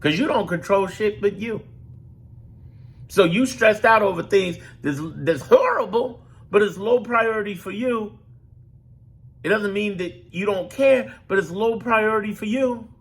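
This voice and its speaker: A man's voice: high voice, fairly bright tone. A man giving emphatic, profane political talk straight to his audience, as a commentator and host. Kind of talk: direct-to-camera political talk.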